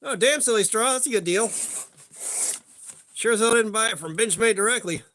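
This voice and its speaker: A man's voice: high voice, moderate pace, bright, forceful tone, a little hiss or hum. Profane rambling livestream guy. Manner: profane, rambling, greets chatters by name. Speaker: livestream host. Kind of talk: casual livestream chat.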